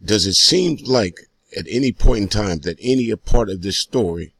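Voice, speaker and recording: A man's voice: on the low side, lively intonation, normal speed, fairly bright tone, breathy edge, no room sound. A man hosting, introducing a documentary clip and speaking directly and emphatically to viewers. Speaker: host presenting a documentary clip. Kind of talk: casual commentary to viewers.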